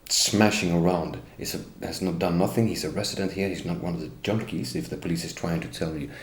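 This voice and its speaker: In a roomy, echoey space with faint ambience and a little hiss or hum, a middle-aged man from Norway gives an indignant, bitter first-person account in English, turning to address the police directly. Norwegian is his first language, and he is being interviewed. His deep voice holds fairly even intonation at a fairly quick pace.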